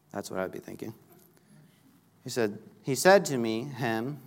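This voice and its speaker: Male preacher, mid-pitched, casual sermon delivery that swells for key lines. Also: fairly quick. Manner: conversational, rises to emphatic peaks when reading scripture. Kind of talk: sermon reading and explaining scripture.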